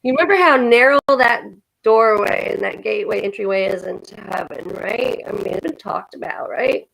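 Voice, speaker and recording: A woman's voice: medium pitch, moderate pace, creaky, a bit bright, low-quality recording. A woman co-hosting a livestream, talking casually in an earnest, encouraging way and often repeating herself. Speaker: livestream co-host. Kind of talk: casual supportive chat.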